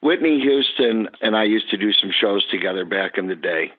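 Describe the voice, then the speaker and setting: A man, a guest on the podcast, telling an animated story about his past work. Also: fairly low pitch, normal speed, husky. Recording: tinny phone line.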